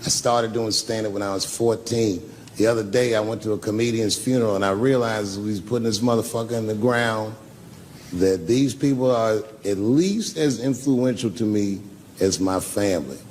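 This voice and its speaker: A man's voice: fairly low pitch, normal speed, a little mellow, a little hiss or hum. A man performing a stand-up routine on a club stage, telling profane, loose stories and bantering with the crowd. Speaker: stand-up comedian. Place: comedy club stage with live audience.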